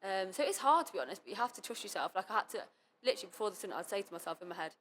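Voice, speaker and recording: Talking rapid-fire in an expressive, medium-pitched, slightly bright voice, a young cheerleader guests on a relaxed podcast. She packs her chat with fillers and repeats her own past words while remembering events, over slight background noise.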